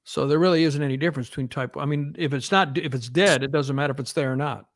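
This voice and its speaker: Co-host, man, gravelly mid voice, dry close mic, rambling chatty delivery. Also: on the high side, quick pace, no echo. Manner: rambling, restarts often, laughs easily. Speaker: podcast co-host. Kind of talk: casual chat.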